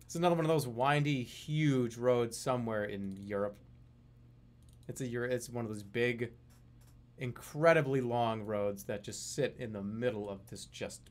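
A man streaming a geography guessing game, talking to his chat in a jokey, animated way. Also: medium pitch. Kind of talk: casual live-stream commentary.

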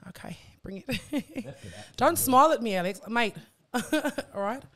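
A woman's voice: fairly high pitch, lively intonation, takes it slowly, pitched above the performer's own voice. A woman putting on a jokey Australian accent as a matey character reading a synopsis aloud. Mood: playful. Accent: put-on Australian. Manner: swearing, jokey, calls everyone mate.

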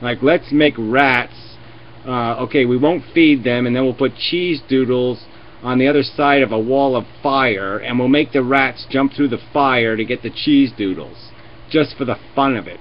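A man's voice: mid-range voice, normal speed, a little hiss or hum. A man hosting a live video chat, ranting and swearing sarcastically as he argues with callers. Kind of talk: heated live debate. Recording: lo-fi webcam stream audio.

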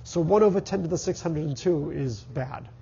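A man's voice: fairly high pitch, normal speed, creaky, warm tone, breathy edge, lo-fi sound. A middle-aged man with a Boston accent and a stuffy, congested voice, giving a university math lecture and thinking aloud with fillers and restarts. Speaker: math professor. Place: lecture hall.

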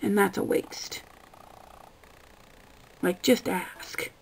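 A young woman vlogging, ranting in an exasperated, profane way with a gravelly voice. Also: medium pitch, fairly even intonation, very slow, poor audio. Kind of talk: casual ranting vlog.

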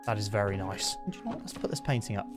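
Young man with a lively, swinging pitch, nervy and excitable, chatting through a game over faint music. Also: quick pace. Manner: jumpy, excitable, talks to his horse, sudden yelps of fright. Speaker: gaming YouTuber. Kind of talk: live gameplay commentary.

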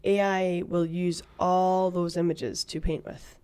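A woman's voice: fairly low pitch, level tone, slow pace, darkish tone, smooth. A woman from Shetland, a guest on a podcast, chatting earnestly and laughing along. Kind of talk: casual chat.

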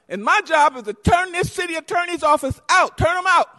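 A woman's voice: very high-pitched, lively intonation, brisk, pushed and bright. A woman giving a heated, accusatory public comment at a council meeting and talking over interruptions. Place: council chamber. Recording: reverberant hall.

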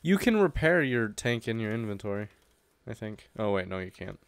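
A man chatting casually with a friend while playing a multiplayer factory game, excitable and quick to banter. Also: on the low side, clear, resonant tone, no echo. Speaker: co-host gamer.

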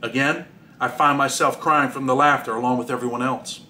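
A man's voice: medium pitch, fairly even intonation, a little fast, pushed and bright, a little hiss or hum. A man, the author, reading his own memoir aloud in a plain storytelling way with dry asides.

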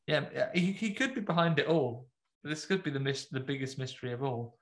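A man's voice: medium pitch, expressive, a little fast, a bit bright. A man hosting a podcast, rambling through a film recap in jokey, casual chat full of fillers. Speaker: podcast host.

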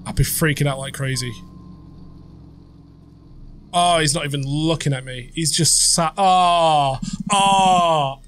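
A man's voice: fairly high pitch, takes it slowly, pauses often, fairly bright tone, smooth. A young man playing a horror game on video, reacting with startled swearing and muttered comments. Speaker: gaming YouTuber.

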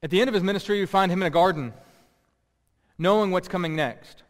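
A man's voice: high-pitched, fast talker. A man preaching a sermon as pastor, emphatic and repeating key words for stress. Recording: long reverb.

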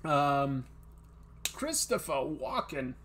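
Brief: Boston-area man, lively casual host, self-mocking chatter, faint background hum. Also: a little high, drawn-out words. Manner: self-mocking, laughs at his own jokes. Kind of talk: casual chat while drawing.

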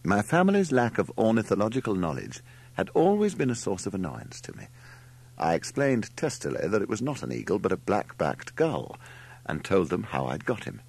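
A man reading an audiobook aloud as narrator, with expressive, wry storytelling. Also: on the low side, moderate pace, gravelly, slightly rough. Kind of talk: scripted narration.

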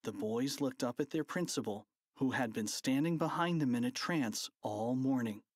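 A playful, expressive narrator reading a children's audiobook. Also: medium pitch, normal speed, dry recording, studio quality.

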